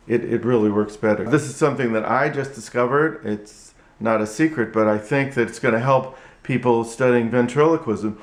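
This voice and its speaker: Man, ventriloquist, tutorial vlog, halting speech, mid-pitched, echoey room. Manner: halting and repetitive, with frequent restarts.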